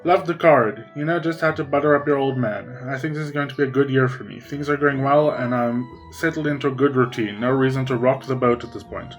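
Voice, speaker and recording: A man's voice: mid-range voice, fairly quick, hardly any pauses, soft background music, lightly acted. A man voicing a cheerful fatherly professor reading a letter to his kid in a chatty way. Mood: fond. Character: cheerful fatherly middle-aged professor dad.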